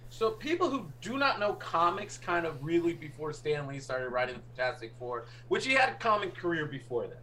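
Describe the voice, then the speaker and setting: A man's voice: fairly high pitch, very animated, brisk, few pauses, sharp tone, slight background noise. A man co-hosting a casual podcast chat, enthusiastic and laughing often. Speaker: podcast co-host.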